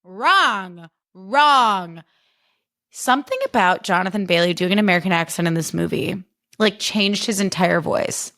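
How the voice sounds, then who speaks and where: A young woman hosting a casual solo podcast, chatty and animated, poking fun at herself. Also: fairly low pitch, a little fast, creaky. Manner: chatty, animated, self-deprecating, jumps into funny voices. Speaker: podcast host.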